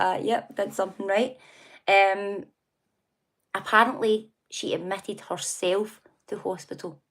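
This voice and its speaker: A middle-aged Scottish woman from near Glasgow hosting a casual livestream, chatting and gossiping about the news, laughing often and reacting to viewer comments. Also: medium pitch. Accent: Scottish (Glasgow area). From Scotland. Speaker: livestream host.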